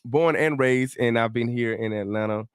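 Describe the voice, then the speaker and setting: A man's voice: mid-range voice, moderate pace, smooth, dry recording, clean studio sound. A man from Georgia, a DJ and comedian guesting on a radio show, playful and jokey. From Georgia, USA. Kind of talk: casual radio chat. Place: radio studio.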